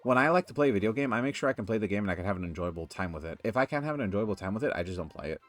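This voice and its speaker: A man's voice: fairly low pitch, expressive, racing. A man giving casual gameplay commentary, rambling and ranting in exasperation. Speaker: let's play commentator.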